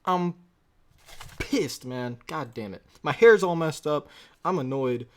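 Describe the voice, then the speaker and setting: A man's voice: fairly high pitch, lively intonation, takes it slowly. A man hosting a reaction vlog, ranting in a heated, profane and rambling way. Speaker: channel host.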